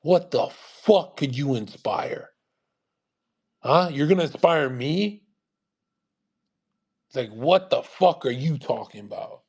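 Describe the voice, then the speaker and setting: A man's voice: mid-range voice, animated, slow pace, gravelly, long pauses, darkish tone, husky. A man ranting in a live audio chat, profane and aggressive, scornful, hammering the same point again and again. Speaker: online streamer.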